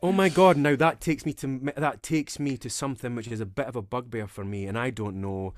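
A man's voice: mid-range voice, a little fast, soft background music. A man guesting on a podcast as an actor, chatting casually, laughing often and trailing off into fillers. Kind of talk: casual chat.

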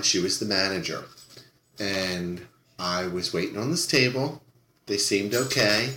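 A man's voice: low-pitched, slight background noise. A man, a guest on a podcast, telling a story about a rude customer from his server days and acting out the people in it. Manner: animated, acts out the people in his story, swears freely. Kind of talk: casual storytelling. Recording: echoey room.

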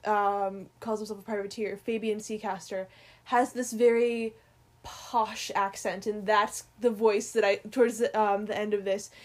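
A woman co-hosting a podcast, chatting excitedly about characters and often trailing off and restarting. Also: medium pitch, measured pace. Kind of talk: casual chat about books.

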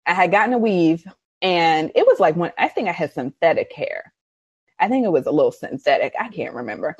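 A woman's voice: fairly low pitch, fairly quick, husky, no echo, highs cut off. A woman chatting casually as a podcast host, telling personal stories and laughing often. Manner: animated storytelling with frequent laughs. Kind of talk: casual conversation.

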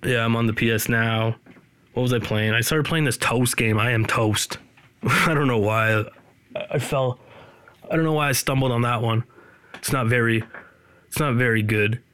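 A man from Canada, hosting a podcast in a rambling, deadpan, self-deprecating way. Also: medium pitch, normal speed, long pauses, clear, resonant tone, no echo. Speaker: podcast host. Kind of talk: casual solo podcast monologue.

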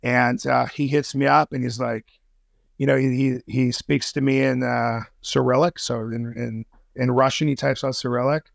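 A man's voice: medium pitch, flat delivery, normal speed, gravelly, no room sound. A man as a podcast guest in casual interview chat, slangy and profane, with many fillers and restarts. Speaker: podcast guest, intelligence analyst.

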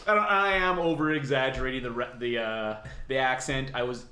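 A man chatting on a podcast as the guest, telling lively stories and mimicking other people's voices. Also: mid-range voice, a little fast, slight background noise. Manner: animated storyteller, mimics voices, laughs often. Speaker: guest brewery founder. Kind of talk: casual podcast chat. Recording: roomy echo.

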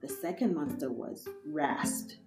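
A woman reading a children's picture book aloud in an expressive, animated storytelling manner. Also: deep voice, slow. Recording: roomy echo, faint music behind.

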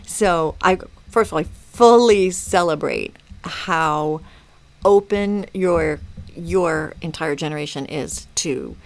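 A woman's voice: sits low, slow. A woman in her fifties, a mother speaking as a podcast guest, reflective and earnest with frequent restarts. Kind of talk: casual podcast conversation.

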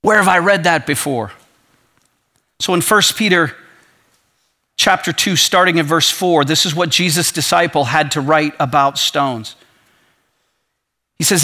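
An impassioned male pastor delivers a sermon in a high, bright voice. His tone is forceful and tense, and it builds in fervor as he reads scripture aloud. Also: a little slow, long pauses.

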